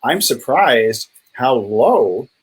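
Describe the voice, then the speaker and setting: A man's voice: medium pitch, very animated, very slow, slightly rough, poor audio. A middle-aged man co-hosting a casual live health chat, easygoing and joking, reading out viewer comments. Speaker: co-host, doctor.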